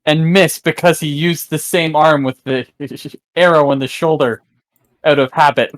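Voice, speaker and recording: A man's voice: a little high, steady tone, unhurried, dry recording. A man playing a tabletop game, describing his character's actions in third person with a playful tone. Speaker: player.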